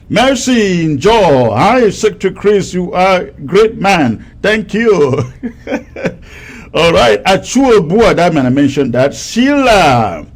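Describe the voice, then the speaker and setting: A middle-aged man hosting a live stream, reading out viewers' names and greetings with chatty asides. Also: fairly high pitch.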